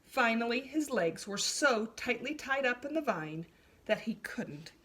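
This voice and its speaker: A woman reads a children's story aloud with a bright, higher voice. Her pitch rises and falls in lively swoops as she narrates. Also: a little slow, slight background noise. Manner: expressive, animated read-aloud.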